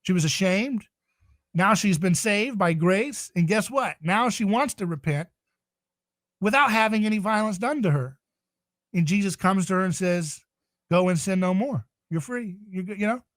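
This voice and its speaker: A man's voice: high-pitched, expressive, moderate pace, fairly bright tone, no room sound. A man speaking as a podcast guest in a passionate, emphatic, preaching tone. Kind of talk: podcast interview.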